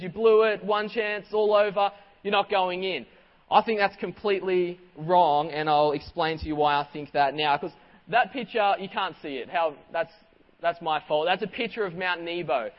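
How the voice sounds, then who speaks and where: Aussie guy preaching, high voice, super animated and chatty, dull muffled sound w long church hall echo. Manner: animated, conversational preaching with many restarts. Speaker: pastor. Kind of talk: sermon.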